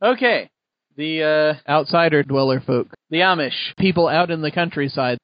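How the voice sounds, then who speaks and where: A man's voice: fairly high pitch, moderate pace, no echo. A man leading a casual brainstorming chat, running through a list and checking that everyone agrees. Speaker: worldbuilding session lead. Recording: dry, dull lo-fi sound.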